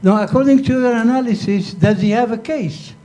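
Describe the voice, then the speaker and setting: A man's voice: very high voice, a little fast, mellow. A man in a lecture hall audience asking a panel a question, leading in with a wry anecdote. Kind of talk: conference Q&A question.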